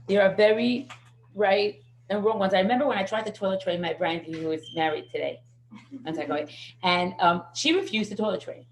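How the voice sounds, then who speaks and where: A middle-aged woman teaching a parenting class, telling lively stories. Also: mid-range voice, brisk, a little hiss or hum. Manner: lively anecdotal storytelling. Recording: echoey room.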